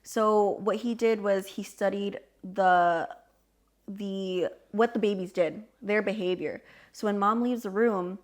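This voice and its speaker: A young woman co-hosts a casual podcast and walks her guests through an idea at length. She sounds animated and chatty, with plenty of "like" and "um" as she goes. Her voice sits at an ordinary middle pitch for a woman. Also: takes it slowly. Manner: explains at length, animated, many fillers. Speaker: podcast co-host. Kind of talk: casual chat.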